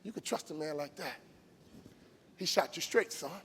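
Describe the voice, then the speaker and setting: A man playing a quiet, grave older father who speaks in low, measured words. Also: animated, a little hiss or hum. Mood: approving. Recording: long hall reverb from live arena.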